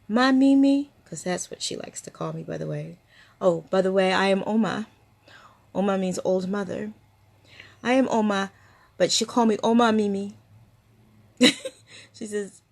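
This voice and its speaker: A woman's voice: mid-range voice, gravelly, a little mellow. An older woman hosting, telling personal stories in a reflective way and laughing often. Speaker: storytelling host. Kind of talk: personal storytelling to camera.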